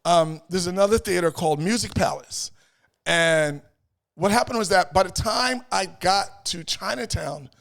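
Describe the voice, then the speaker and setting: A middle-aged man, telling stories as an interview guest in an animated way, repeating phrases and acting out voices. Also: high-pitched, measured pace, creaky. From New York. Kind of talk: casual storytelling chat.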